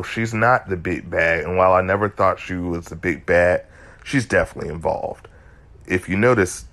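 A man's voice: deep voice, fairly bright tone, no room sound. A man giving a casual recap of a show episode, analytical and emphatic, often restarting his sentences.

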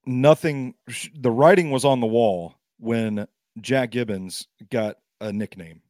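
A man's voice: medium pitch, unhurried, a little mellow, dry recording, studio quality. A man filling in as guest on a sports podcast, talking in a chatty, self-deprecating way while battling a cough. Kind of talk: casual sports talk.

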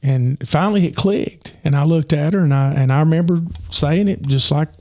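A man telling a rambling personal story with lots of fillers, his voice getting hoarse. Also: on the high side, normal speed, a little mellow, no echo, clean studio sound. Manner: rambling, many fillers and restarts. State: losing his voice. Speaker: podcast host. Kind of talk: casual storytelling.

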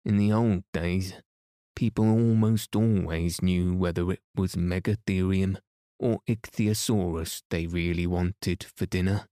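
A man's voice: deep voice, steady tone, measured pace, warm tone, no room sound, studio quality. A man voicing a cross, ancient, small furry sand fairy in a bedtime storybook reading, with curt, grumpy lines.

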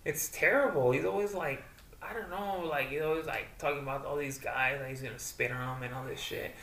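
Gravelly man ranting in an echoey room. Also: medium pitch, brisk. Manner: animated ranting, mocking quotes. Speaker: podcast co-host. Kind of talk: casual chat. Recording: echoey room, distant mic, faint noise.

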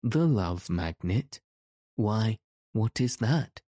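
A man's voice: lowish voice, expressive, very slow, dark tone, no echo, studio quality, full character voice. A man reading a storybook, voicing an earnest young girl who asks questions and scares easily. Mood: curious.

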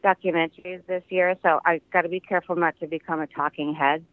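A man's voice: a little high, little pitch movement, quick pace, no room sound. An older man, an actor from the American Midwest, chatting as a guest in a phone interview and telling stories with frequent laughter. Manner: chatty storyteller, laughs often. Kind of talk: casual interview over the phone. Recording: tinny phone line, dry.

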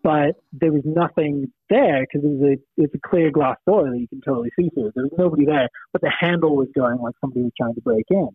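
A man from Manchester with a Manchester accent rambles through a ghost story in casual chat, with lots of ums and little laughs. His voice sits a bit high. The sound is dry and squeezed down to a tinny, phone-like band. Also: fast, few pauses, slightly rough, dry recording. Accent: Manchester English. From England. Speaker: podcast guest storyteller.

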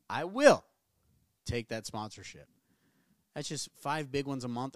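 A man's voice: medium pitch, dry recording. Podcast host, thirties, male, mid-range voice, profane and rambly, self-mocking, dead-dry room. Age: 30s. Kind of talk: casual solo podcast rant. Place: small home studio.

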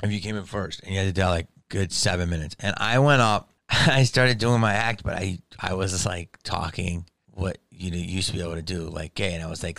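A man's voice: sits low, normal speed, vocal fry, fairly bright tone, dry recording. A man in his fifties delivering a profane, rambling comedic monologue.

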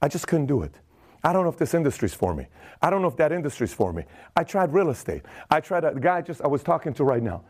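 A man's voice: a little high, sing-song, fast talker, a little mellow. A man hosting a podcast, giving a casual, emphatic motivational talk in plain words, often acting out other people's voices. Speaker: podcast host.

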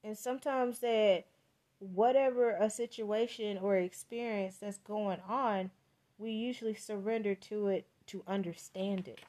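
A woman reads tarot cards in a loose, casual podcast style, mid-pitched and talkative. She leans on words, repeating them for emphasis, and lets profanity slip in freely. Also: fairly even intonation, unhurried, mellow. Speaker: tarot reader.

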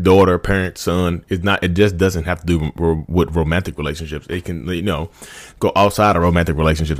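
A man talking straight to his viewers in a casual, informal way, often restarting and repeating his phrases. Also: sits low. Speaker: vlogger speaking about narcissism. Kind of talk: casual direct-to-camera talk.

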